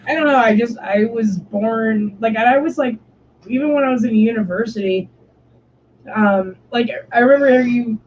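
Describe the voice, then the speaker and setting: A young woman hosting a stream tells stories in casual chat, swearing often and saying "like" constantly. Her voice is a little high and a little mellow at a moderate pace, and the stream audio is muffled and lo-fi with slight background noise.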